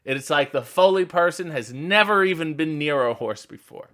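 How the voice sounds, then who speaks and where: A man hosting a comedic trailer reaction, talking in a sarcastic, mocking way with deadpan asides. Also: a little high, moderate pace. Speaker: host reacting to a movie trailer.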